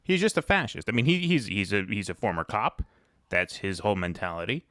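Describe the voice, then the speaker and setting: A man's voice: lowish voice, very animated, a little fast, fairly bright tone, no room sound, studio quality. A man from the New York City area hosting a political podcast, talking bluntly and with strong opinions. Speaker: podcast host. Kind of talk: casual political podcast chat.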